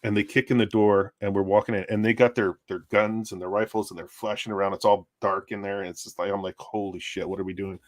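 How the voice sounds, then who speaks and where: Laughing, animated male storyteller, dry sound. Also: on the low side, fast talker, hardly any pauses, no echo. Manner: animated storyteller, acts out voices, laughs often. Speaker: first responder telling a call story. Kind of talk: casual storytelling among friends. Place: home art studio, on a livestream.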